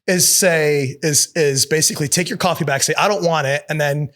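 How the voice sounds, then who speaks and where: A male actor telling stories in a casual interview, his voice sitting a little higher than most men's. He is animated and swears freely, slipping into the voices of the people he quotes. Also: normal speed. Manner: animated, profane, acts out quotes. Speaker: actor and producer guest. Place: studio with city view.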